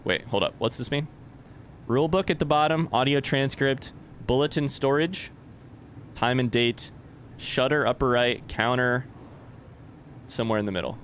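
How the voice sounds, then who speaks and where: A man's voice: mid-range voice, normal speed, long pauses, fairly bright tone, a little hiss or hum. A young man casually commenting on a game as he plays, chatty and reading on-screen text aloud. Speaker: let's play streamer. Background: game music.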